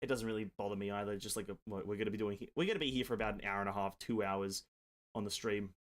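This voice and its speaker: A man's voice: on the low side, fairly even intonation, fast talker. Guy on a game stream at his desk, chatty, reads out chat, jokey and swears a bit. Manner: chatty, reads out and answers viewer comments. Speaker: gaming streamer. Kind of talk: casual live-stream chat. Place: home desk setup.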